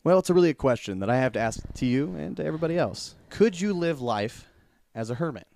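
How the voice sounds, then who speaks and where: A man's voice: medium pitch, animated, rapid-fire, gravelly, darkish tone, slight background noise. A young man hosting a casual podcast from a bedroom studio, easygoing and rambling. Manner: easygoing, rambling, laughs often. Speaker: podcast host. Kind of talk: casual chat.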